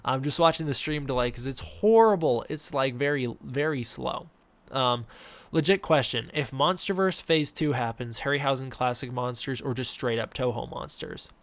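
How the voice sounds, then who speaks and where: On a home live stream, a young man reads out viewer questions in a relaxed way, using lots of fillers. His medium-pitched voice is a bit bright, his pace moderate, and the desk mic with face cam catches no room sound.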